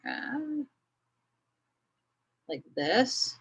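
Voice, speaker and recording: A woman's voice: low voice, unhurried, fairly bright tone, breathy edge, rough recording. A woman teaching a math lesson, thinking aloud as she draws a graph, with many fillers. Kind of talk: recorded screen lesson.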